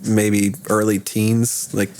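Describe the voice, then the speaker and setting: A man hosting a podcast, chatting casually and telling a relaxed story with easy laughs. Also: lowish voice, takes it slowly, smooth. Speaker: podcast host.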